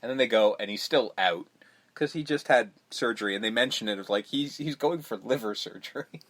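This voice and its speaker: A man co-hosting a casual film podcast, retelling scenes with quick impressions of the characters, swearing and laughing. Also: medium pitch, fairly bright tone. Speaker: podcast co-host. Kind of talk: casual movie recap chat.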